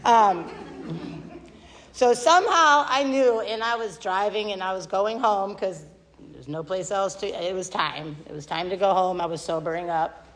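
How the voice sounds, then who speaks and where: A woman's voice: medium pitch, moderate pace, a bit bright. A woman giving a candid, self-deprecating recovery meeting share at a podium mic, rambling with many fillers. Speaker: AA speaker. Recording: long hall reverb.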